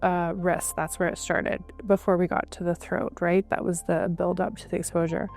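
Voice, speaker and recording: Lowish woman voice telling her story, keeps restarting, lots of "like"s. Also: flat delivery, a little mellow, faint music behind. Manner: halting, many restarts and "like". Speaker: interview guest. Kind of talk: personal storytelling in conversation.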